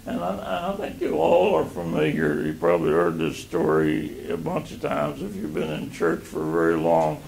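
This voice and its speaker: An older man teaching a Bible lesson, reading scripture aloud and explaining it in a slow, halting way. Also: on the high side, wildly swooping pitch, creaky, darkish tone.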